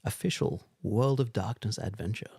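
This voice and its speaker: A man's voice: normal speed, creaky, dark tone, husky. A man co-hosting a casual chat, reading game box blurbs in silly voices and laughing often. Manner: playful, laughs often, drops into a low movie-trailer voice. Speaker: co-host.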